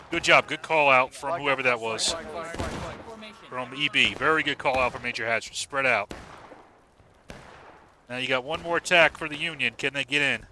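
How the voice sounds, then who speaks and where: A man casting a large online battle match live, excitable and profane, urging players on and praising plays. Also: on the high side, slight background noise. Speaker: match caster. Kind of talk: live game commentary.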